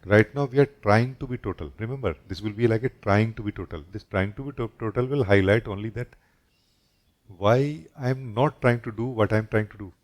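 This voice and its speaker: Speaking with a fairly low pitch and a brisk pace, this man is a spiritual teacher offering a gentle, reflective satsang. He often finishes his sentences with a questioning "no?".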